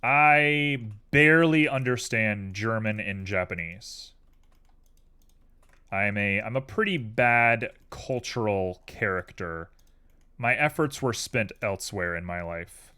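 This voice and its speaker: A man's voice: lowish voice, takes it slowly, pushed and bright, clean tone. A tired man chatting casually and rambling drowsily on a live stream while he works on a 3D model at his computer.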